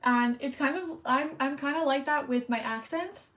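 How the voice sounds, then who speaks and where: A woman's voice: high voice, moderate pace, a bit bright, low-quality recording. A woman streamer hosting trivia in casual livestream chat, chatty and rambling, a little self-conscious.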